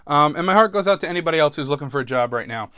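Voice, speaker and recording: Male podcast host, smooth clear voice, nervous self-mocking ramble, dry booth sound. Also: a little high, lively intonation, very fast, pushed and bright, no echo. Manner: self-deprecating, laughs often, trails off and restarts. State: stressed. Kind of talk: casual rambling monologue.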